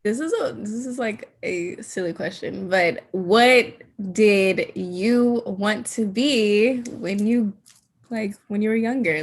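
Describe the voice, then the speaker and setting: A woman hosts a loose, friendly talk about astrology. She laughs often and strings her thoughts together with "like". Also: medium pitch. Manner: laughs often, drawn-out filler "like". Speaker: podcast host. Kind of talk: casual chat about astrology.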